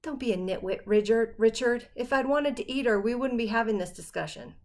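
A woman's voice: on the high side, brisk, darkish tone, close to an everyday voice. A woman doing a growling old hermit man. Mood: gruff. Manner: growling, grumbling. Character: gruff old male ex-governor hermit, rough and cussing.

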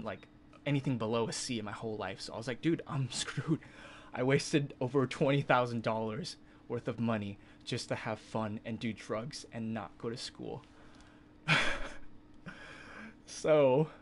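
A young man in his twenties, a streamer casually telling a story to his chat, animated and swearing freely, with loud incredulous outbursts. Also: medium pitch, slight background noise. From California. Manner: swears freely, filler-heavy.

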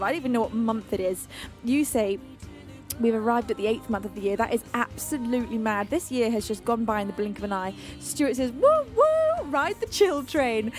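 Woman, from the UK, livestream host, fairly high voice, playful, calm and soothing, faint music behind. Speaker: streaming singer-songwriter host. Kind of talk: casual livestream chat reading chat messages.

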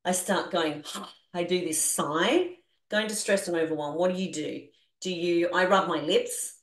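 A woman with an Australian accent leading a group coaching session on a video call, energetic and animated as she coaxes the group through exercises. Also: fairly low pitch, measured pace, roomy sound. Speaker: business coach.

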